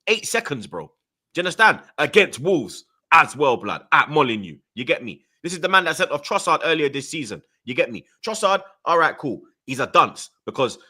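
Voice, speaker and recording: A man's voice: on the high side, big pitch swings, normal speed, bright, forceful tone. A young man with a London multicultural accent, hosting a heated football chat, ranting with heavy slang and stuttering when angry. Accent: London multicultural English. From Jamaican heritage, London. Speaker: football podcast host.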